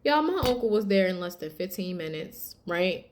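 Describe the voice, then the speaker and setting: A woman, telling a personal testimony in a casual, animated way and acting out quoted lines. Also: fairly low pitch, normal speed. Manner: animated, addresses viewers as y'all, acts out quotes. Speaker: vlogger sharing a testimony.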